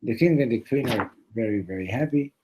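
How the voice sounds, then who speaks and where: A man's voice: mid-range voice, lively intonation, fairly quick, dark tone, husky, poor audio. A man teaching a religious lesson through a parable, loose and conversational with restarts and Hebrew terms. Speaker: Torah teacher. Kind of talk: storytelling lesson.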